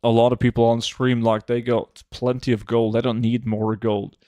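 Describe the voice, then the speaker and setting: A relaxed man, chatting on a game livestream in a middle-of-the-range voice. He talks loosely, full of little fillers. The sound is dry and close, with no room around it. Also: mid-range voice, normal speed, dry recording. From Norway. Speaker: game streamer. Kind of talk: casual livestream chat, reading chat aloud.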